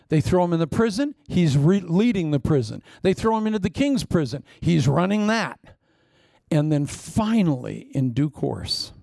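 A man preaching a sermon with lively storytelling, acting out quoted voices along the way. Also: on the high side, creaky, no echo.

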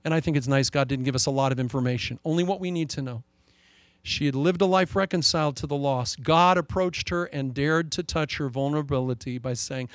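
A middle-aged man preaching a sermon as pastor, animated, swinging widely in pitch and volume as he acts out the people in his story. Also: brisk, no room sound.

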